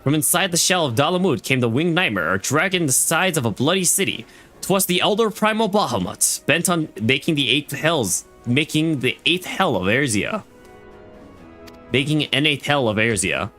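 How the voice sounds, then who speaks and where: A stern, war-weary fleet admiral recounts an old battle, read aloud by a man in his own bright, fairly high voice. The reading rises and falls a lot and often trips over names and lines, with faint music playing behind. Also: sing-song, moderate pace. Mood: solemn. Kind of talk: reading game dialogue aloud.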